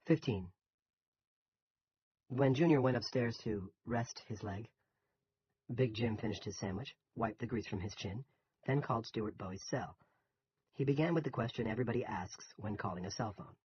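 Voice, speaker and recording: A man reading an audiobook in scripted narration, measured and even. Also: fairly low pitch, lo-fi sound, slight background noise.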